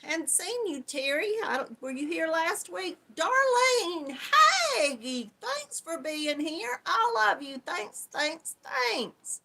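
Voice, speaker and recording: A woman's voice: very high-pitched, animated, takes it slowly, gravelly, few pauses, bright, forceful tone. A middle-aged woman with a Southern US accent hosts a casual live stream, greeting viewers one by one and calling them hon and darling. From Georgia, US. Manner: chatty, affectionate, calls viewers hon and darling.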